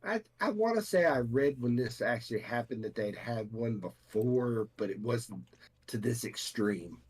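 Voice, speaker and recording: A man's voice: mid-range voice, expressive, a little slow, a little mellow, breathy edge. A man from the United States co-hosting a podcast in casual chat, rambling with frequent restarts and fillers. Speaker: podcast co-host.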